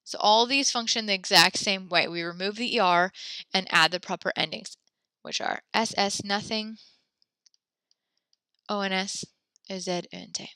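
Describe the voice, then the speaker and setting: A woman's voice: medium pitch, normal speed, long pauses, bright, forceful tone, smooth, no room sound. A woman teaching a French class from home, upbeat and chatty as she spells out verb endings letter by letter for her students. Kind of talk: online class lesson.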